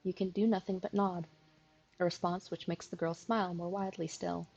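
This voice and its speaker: A sleepy woman streamer reading a visual novel aloud, with a gravelly, husky voice. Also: fairly low pitch, flat delivery, fairly quick, darkish tone, highs cut off, faint music behind. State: sleepy, yawning.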